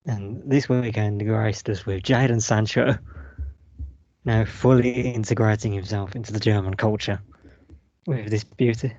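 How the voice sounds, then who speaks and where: A man's voice: on the low side, steady tone, unhurried, a little mellow, no echo, lo-fi sound. A man co-hosting a football podcast, chatting casually and throwing in teasing, joking asides. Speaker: podcast co-host.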